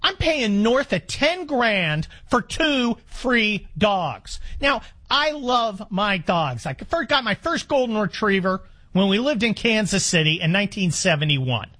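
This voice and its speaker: A man's voice: high-pitched, sing-song, measured pace, few pauses, pushed and bright. A man in his sixties hosting a talk radio show, speaking in a wry, rambling monologue full of restarts. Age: 60s.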